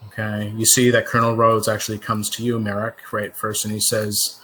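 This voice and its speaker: A man narrating as game master, relaxed and explanatory, with frequent fillers. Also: on the low side, a little fast, few pauses.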